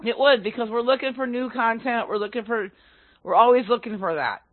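Here's a man with a very high voice on a headset mic, chatting loosely on a podcast and cursing freely when something riles him. The sound is thin and phone-like, and it's bone dry. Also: brisk, dry recording. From upper Midwest of the United States. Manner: profane, blunt, loud outbursts. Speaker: podcast co-host. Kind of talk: casual chat. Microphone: cheap headset microphone. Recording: phone-like narrow band, dry.

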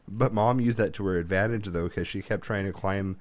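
Fast-talking deep-voiced man chatting. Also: darkish tone, no echo. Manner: rambling storyteller, many restarts and laughs. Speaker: podcast co-host. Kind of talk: casual chat.

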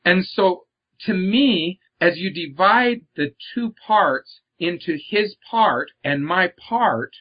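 A man with a high-pitched, animated voice talks slowly and earnestly about faith as an author and guest, often stressing and repeating his words. The conversation is a reflective religious one, and the audio is slightly muffled and lo-fi.

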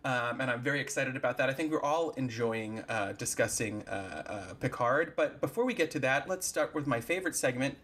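A man's voice: mid-range voice, animated, a little fast, hardly any pauses, a bit bright, a little hiss or hum. Playful man hosting a podcast. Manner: playful, laughs often. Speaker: podcast host. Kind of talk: casual chat.

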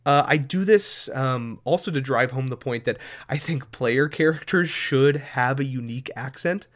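A man's voice: medium pitch, moderate pace, fairly bright tone. American game master dude on a podcast, chatty, tries out voices as he goes. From United States. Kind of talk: casual podcast chat.

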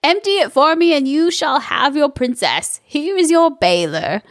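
A woman's voice: high voice, animated, unhurried, no echo, clean studio sound, voice pushed up. A woman voicing a sly, menacing old witch in a comic storybook reading, drawing out her taunts.

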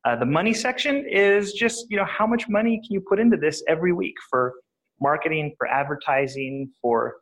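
Over poor-quality audio, a man with a fairly high voice speaks a little fast as a podcast guest. He answers interview questions about property investing loosely and casually, rambling, restarting, and filling gaps with "uh."

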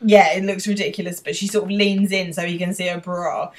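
A woman with a slightly low voice talks through a TV episode on a podcast. Her delivery is loose and chatty, full of "like" fillers and easy laughter. It sounds like friendly, casual talk between co-hosts. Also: little pitch movement, fairly quick. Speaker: podcast co-host.

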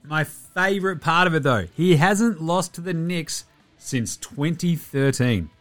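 A man's voice: a little high, a little slow, a bit bright, faint music behind. An Australian man hosting a casual sports podcast, joking and swearing as he rattles off stats. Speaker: podcast host.

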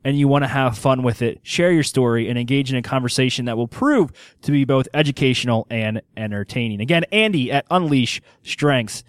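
A man's voice: mid-range voice, fairly quick, hardly any pauses, no room sound. A man from Pennsylvania hosting an interview podcast, upbeat and enthusiastic. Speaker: podcast host.

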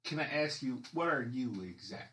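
A man's voice: mid-range voice, animated, brisk, a bit bright, lightly acted. Guy as a cocky half-orc vigilante, flirty and streetwise, in a roomy echo. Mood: swaggering. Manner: swaggering, streetwise slang.

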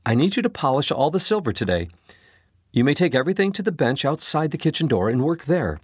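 Man reading as a worried gentle mother, soft earnest voice, slightly raised, husky, dry. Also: on the high side, big pitch swings, fairly quick, no echo, voice pushed up.

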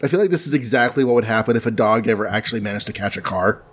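A man's voice: on the low side, slightly rough. A man casually recapping a comic book story on a podcast, playfully acting out the characters' lines. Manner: playful, acts out characters in quick voices.

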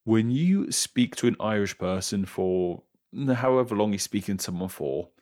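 A man with an English accent, co-hosting a history podcast in a chatty, animated way, laughing often. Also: lowish voice, moderate pace. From England. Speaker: podcast co-host. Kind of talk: casual podcast chat. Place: London.

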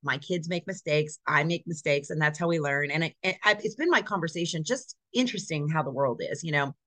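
A woman's voice: low voice, fairly quick, a bit bright, no echo. A woman from California, a dog trainer chatting as a guest in an earnest, rambling way. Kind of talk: casual chat.

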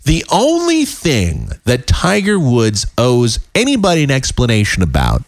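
A man hosting a casual solo podcast, talking in a rambling way with many fillers, his voice a little raspy and tired. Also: mid-range voice, huge pitch swings, unhurried, dry recording. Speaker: podcast host. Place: home.

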